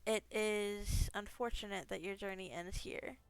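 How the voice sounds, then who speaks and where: A woman's voice: mid-range voice, steady tone, a little slow, creaky, clear, resonant tone, no echo, rough recording. A woman gaming streamer reading a text game aloud, breaking off into casual asides, swearing freely and laughing at herself.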